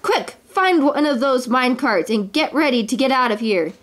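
A woman voicing a miserly, excitable old rich duck uncle, yelling in a shrill voice. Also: moderate pace. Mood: eager.

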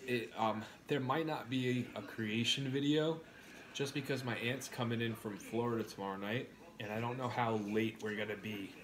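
A man's voice: medium pitch, fairly even intonation, normal speed. A young man hosting a casual live stream, eating while he reads out viewer comments and answers them in a chatty, blunt way. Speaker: livestream host.

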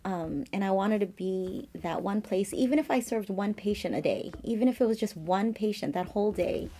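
A woman, a holistic health practitioner sharing a heartfelt personal message, earnest and halting with many fillers. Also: mid-range voice, dark tone. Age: 50s. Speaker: acupuncturist and massage therapist. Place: her office.

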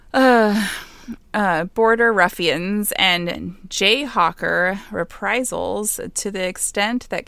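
A woman's voice: medium pitch, a bit bright, clear, resonant tone, no echo. A woman co-hosting a podcast, casually telling a history story from her notes, with asides and stumbles.

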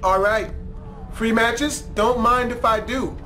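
A man giving profane, excitable let's play commentary, trash-talking the game and yelling suddenly. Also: very high voice, slow, over music. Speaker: gamer.

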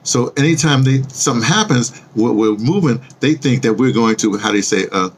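A man's voice: medium pitch, a little fast, slight background noise. A man talking casually to viewers in a rambling monologue, restarting sentences often and teasing them with questions. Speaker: vlogger and audio drama producer.

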